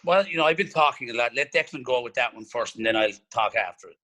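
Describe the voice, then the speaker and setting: A man spins an animated anecdote, acting out the people in it. His voice is bright and forward, recorded close and dry with no room sound. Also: mid-range voice, fast, no echo, low-quality recording. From Ireland. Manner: animated anecdote teller who acts out quotes. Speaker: pub and restaurant owner, guest. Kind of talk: casual storytelling.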